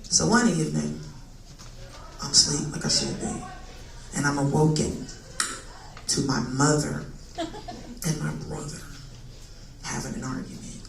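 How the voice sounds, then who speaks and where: A woman comedian doing a stand-up set on a club stage, brash and profane, bursting into loud acted outbursts, with audience laughter behind her. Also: deep voice, animated, measured pace, creaky, pauses often. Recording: roomy live club sound, mic heard from a distance, background noise.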